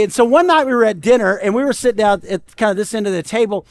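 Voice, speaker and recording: Animated high-voiced male pastor. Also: fast. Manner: conversational, animated storytelling with frequent "right?". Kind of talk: sermon.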